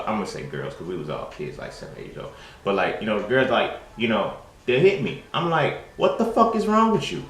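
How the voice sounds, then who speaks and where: A young man hosting his own show, talking in a casual monologue full of slang, swearing and fillers. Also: lowish voice. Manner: profane, streetwise slang, frequent fillers. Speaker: host. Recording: roomy echo.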